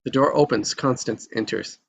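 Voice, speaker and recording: A man's voice: medium pitch, normal speed, vocal fry, lo-fi sound, slight background noise. A man reading the stage directions in a table read, in a plain, matter-of-fact way.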